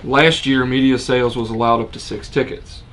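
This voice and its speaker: An easygoing man at a middle pitch chimes in during a relaxed sit-down chat. He mostly adds short agreeing remarks and quick supporting points, with a faint hum of noise behind him. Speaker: co-host of an outdoors channel.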